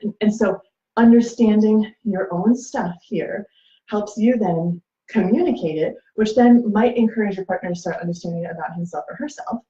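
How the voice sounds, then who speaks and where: A woman's voice: medium pitch, moderate pace, mellow. Chatty woman giving casual advice. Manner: chatty, many fillers, acts out quoted lines. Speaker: host. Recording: echoey room, dull lo-fi sound.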